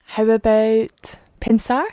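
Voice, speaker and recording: A woman's voice: fairly high pitch, fairly even intonation, slow, mellow, dry recording, studio quality. A woman answering carefully as a student in a language lesson.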